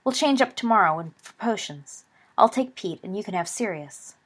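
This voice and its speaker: A woman's voice: mid-range voice, animated, normal speed, husky. A woman voicing a friendly, casual teenage boy wizard in a storybook reading.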